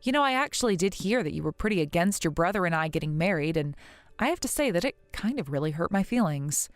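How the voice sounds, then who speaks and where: A grieving young wife, voiced by a woman in an animated story drama, earnest and wounded as she pleads. Her pitch moves in lively swings. The voice is dry and close over faint music. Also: quick pace, dry recording, lightly acted. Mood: pleading.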